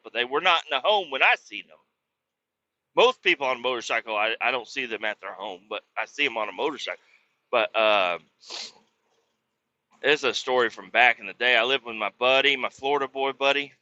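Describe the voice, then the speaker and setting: A man hosting a podcast, telling profane, animated comedic stories about family and old roommates. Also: medium pitch, no room sound. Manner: profane, animated, mocking retellings. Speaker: podcast host. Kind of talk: comedic storytelling. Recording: dull lo-fi, dry.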